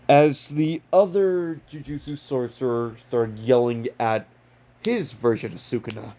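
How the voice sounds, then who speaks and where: A man's voice: mid-range voice, unhurried, mellow. A man casually narrating a fan-made story, off the cuff and loose. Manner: casual, off-the-cuff, occasional swearing.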